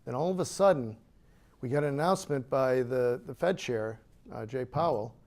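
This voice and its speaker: Measured man explaining markets on a panel. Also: medium pitch, gravelly, a little mellow. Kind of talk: answering at a panel discussion. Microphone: handheld microphone.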